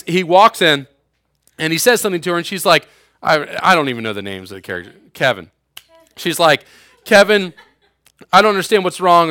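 A man's voice: fairly high pitch, sharp tone, dry recording, clean studio sound. A young man preaching a sermon in a casual, joking way, acting out quotes and using sarcasm. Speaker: youth pastor.

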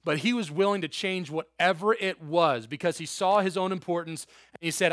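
Animated casual young male youth pastor. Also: high voice, moderate pace, dry recording, studio quality. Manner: casual, animated, acts out quotes with laughs. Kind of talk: youth group sermon.

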